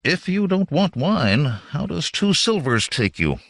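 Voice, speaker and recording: Man voicing gruff barbarian warrior, blunt, barking, gravelly, wide-swinging tone. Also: a little high, big pitch swings, a little slow, dry recording, studio quality, pitched above the performer's own voice, heavily acted.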